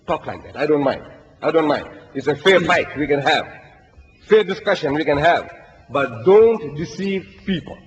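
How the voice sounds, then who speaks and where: An older man preaching to an audience, telling animated stories and reciting Arabic verses. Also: on the high side, normal speed. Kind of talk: lecture to an audience. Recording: dull lo-fi recording, long hall reverb.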